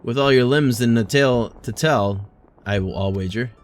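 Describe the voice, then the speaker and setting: A man voicing a blunt, hearty older male guild master in rough colloquial speech, reading game dialogue aloud. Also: mid-range voice, normal speed, lightly acted. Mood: gruff.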